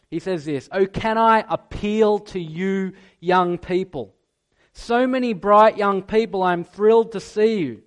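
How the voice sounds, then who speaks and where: A man preaching a sermon, earnest and emphatic, at times dropping low and soft and at times rising loud.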